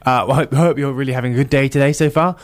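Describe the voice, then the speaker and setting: Young guy, casual co-host, hesitant and rambling, mid-range pitch. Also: fairly even intonation, rapid-fire. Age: 20s. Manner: rambling, hesitant, laughs often. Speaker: podcast co-host. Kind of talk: casual chat.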